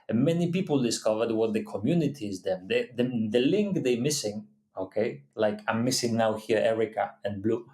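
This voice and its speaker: A man co-hosting a casual livestream, talking in halting, non-native phrasing with many restarts. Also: medium pitch, darkish tone. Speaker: co-host of a livestream. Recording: echoey room.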